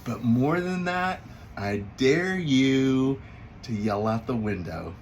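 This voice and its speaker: A man, a children's picture book author, telling a story about his own family in a casual, animated way and laughing often. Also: medium pitch, slow pace, slight background noise.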